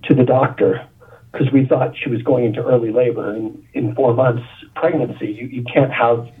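A man with a husky, slightly worn voice, calling in to a radio show. He comes through a thin, phone-like line. He recounts a confession haltingly and often repeats words as he goes. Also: medium pitch, fairly even intonation. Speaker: guest on a call-in radio show. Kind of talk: confessional personal story.

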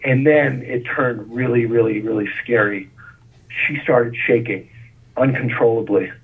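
A man on a call-in radio show tells a painful personal story in a halting way, stumbling and repeating words. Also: medium pitch, steady tone, husky. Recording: tinny phone line on radio.

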